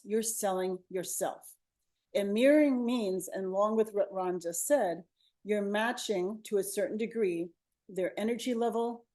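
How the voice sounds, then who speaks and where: Over a video call with a clip-on lavalier mic, a woman co-hosts a webinar as a media coach, giving upbeat advice on interviews. Her voice is medium in pitch with a dark tone.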